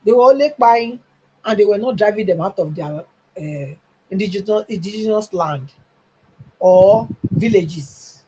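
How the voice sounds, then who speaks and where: A husky-voiced middle-aged Nigerian woman giving call-in commentary on a live stream. She talks emphatically, pushing up toward near-shouting. The audio comes through slightly dull and lo-fi. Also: mid-range voice.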